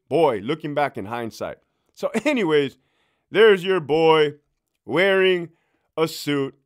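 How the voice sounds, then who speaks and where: A man and former prison officer telling a casual, profane story, laughing as he goes. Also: fairly high pitch. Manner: animated, profane, laughing as he tells it.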